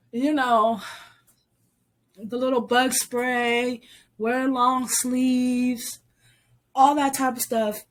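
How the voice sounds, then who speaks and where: Slow-talking sick woman vlogger. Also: fairly high pitch. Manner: casual, halting, reads place names with stumbles. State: sick, coughing. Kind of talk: casual commentary on news.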